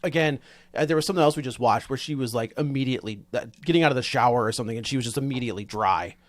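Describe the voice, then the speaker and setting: A man's voice: mid-range voice, racing, dry recording. A man hosting a casual movie podcast, walking through the plot step by step with plenty of fillers. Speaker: podcast host recapping the plot. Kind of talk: casual movie review chat.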